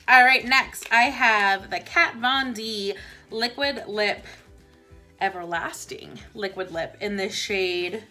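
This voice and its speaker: A woman's voice: medium pitch, pushed and bright. A young woman chatting casually about a shopping haul, bubbly and repetitive for emphasis. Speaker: beauty vlogger.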